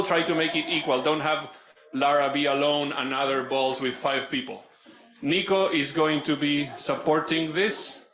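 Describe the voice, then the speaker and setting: A man facilitating a live conference workshop, giving playful, animated instructions to the room. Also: a little high. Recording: echoey room.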